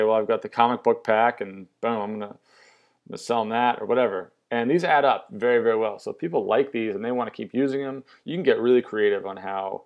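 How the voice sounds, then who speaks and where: A young man casually and enthusiastically walking through an app demo, upbeat and loose with fillers. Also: medium pitch. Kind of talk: casual product demo walkthrough.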